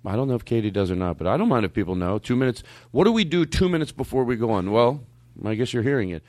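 A man chatting in a studio before a podcast, excitable and teasing the guests. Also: medium pitch, fast, no echo. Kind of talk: casual banter.

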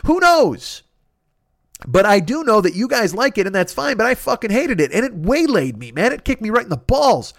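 A man's voice: high-pitched, big pitch swings, normal speed, creaky, no echo, clean studio sound. A man hosting a podcast, telling a comedic story in a profane, ranting, self-mocking way. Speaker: podcast host.

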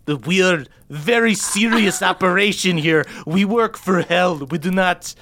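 A man's voice: sits high, measured pace, a bit bright, no room sound, voice pushed up. Man as dim, blustering teen gang kid; slightly raised voice. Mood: indignant. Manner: blustering, gruff bravado. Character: cocky dim teen male gang tough.

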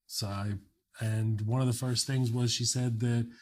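A comedian guest, a man from Kuwait raised in Texas, telling a story in an animated, profane way. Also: medium pitch, measured pace. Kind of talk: casual storytelling.

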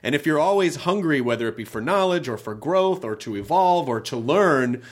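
A man's voice: fairly high pitch, lively intonation, normal speed. A man hosting a podcast, talking earnestly and reflectively in casual chat, with the odd swear. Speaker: podcast host.

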